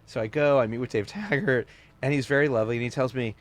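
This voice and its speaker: Here a man talks fast at a medium pitch. As a podcast guest he tells long stories in a relaxed, chatty way, animated throughout, with lots of "like" and quoted voices.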